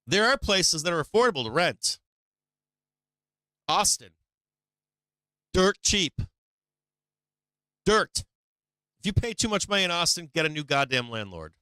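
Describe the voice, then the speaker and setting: A man's voice: fairly high pitch, big pitch swings, measured pace, pauses often, sharp tone, smooth, no echo. A man hosting a stock market live stream, ranting bluntly and profanely in a casual, preachy way with frequent laughs.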